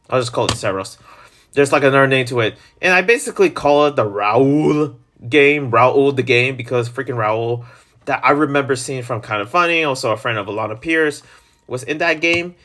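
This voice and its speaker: A man in the middle of his range, talking off the cuff as a solo channel host. He rambles and jokes, and his voice keeps jumping up and dropping low as he goes. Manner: rambling, jokey, animated pitch swings. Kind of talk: casual solo gaming chat.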